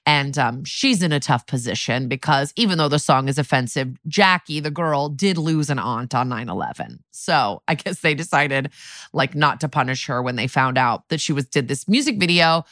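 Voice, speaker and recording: A woman's voice: a bass voice, expressive, moderate pace, fairly bright tone, dry recording, clean studio sound. A young woman co-hosting a podcast, recapping a TV episode in casual chat, laughing often and quoting characters in put-on voices.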